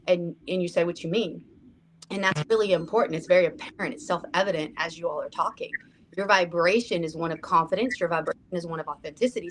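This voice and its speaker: A woman's voice: fairly low pitch, slight background noise. A woman speaking on a roundtable panel, earnest, often checking in with "right?". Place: room with a group.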